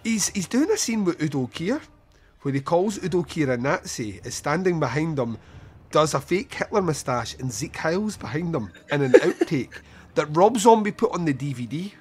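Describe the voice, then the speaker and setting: In a casual film review chat, the host retells the movie scene by scene, swearing casually and laughing between lines, with plenty of fillers. His voice is fairly high and sing-song, with a breathy edge, delivered at a moderate pace.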